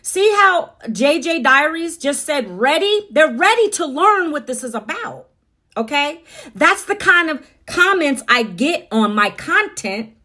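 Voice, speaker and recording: A middle-aged woman chats with viewers on a phone livestream. Her voice sits high and her tone is upbeat. She speaks casually and keeps talking straight to the people watching. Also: very animated, measured pace, sharp tone. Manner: chatty, upbeat, addresses viewers directly. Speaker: livestream host.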